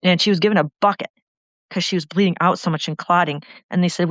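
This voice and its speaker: A woman's voice: lowish voice, fairly even intonation, fast, fairly bright tone, dry recording. A woman talking about politics in a passionate, rambling way that keeps running on. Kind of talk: impassioned political talk. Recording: dull lo-fi sound.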